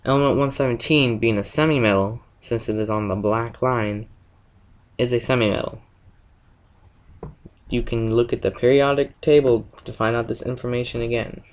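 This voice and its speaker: A man presenting a school science project, reading a prepared explanation in a steady, step-by-step way. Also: mid-range voice, moderate pace, rough recording.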